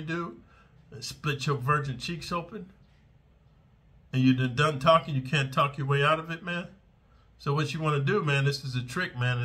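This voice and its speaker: A man talking bluntly and profanely about prison survival, swaggering, tossing "man" and "dude" into every line and shouting out the sounds of strikes. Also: mid-range voice, slightly rough. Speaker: ex-convict giving prison survival advice. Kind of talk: unscripted, profane street talk to camera. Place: in Manila.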